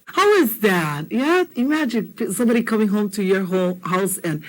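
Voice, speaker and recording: A woman teacher who explains phrases and repeats them slowly and encouragingly for learners. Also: medium pitch, expressive, low-quality recording. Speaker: Hawaiian language teacher. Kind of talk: language lesson explanation.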